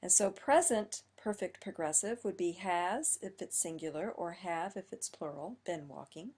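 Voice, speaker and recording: A woman's voice: lowish voice, moderate pace, darkish tone, slightly rough. A woman teacher patiently explaining grammar step by step in a lesson, with emphatic stresses.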